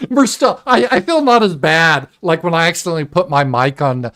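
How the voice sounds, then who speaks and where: A man hosting a live political commentary show, talking casually and animatedly, swearing and mimicking voices in a shrill tone. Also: very animated, a little fast, pushed and bright. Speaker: show host.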